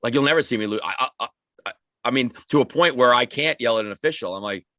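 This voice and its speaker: A man's voice: medium pitch, quick pace, bright, forceful tone, dry recording. A man on a hockey podcast panel, talking about coaching in casual chat, rambling with many restarts and repeated words.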